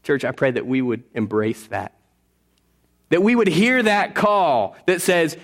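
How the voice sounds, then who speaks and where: A man preaching a sermon as pastor, earnest, moving between quiet asides and raised appeals. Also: a little high, lively intonation, unhurried, big-room sound.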